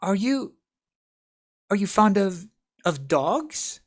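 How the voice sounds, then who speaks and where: Man doing polite anxious young girl, high and stammering, lively sing-song, storybook reading. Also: slightly rough, full character voice. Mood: eager. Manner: high, breathless, halting with stammers. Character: polite eager little girl, anxious to please.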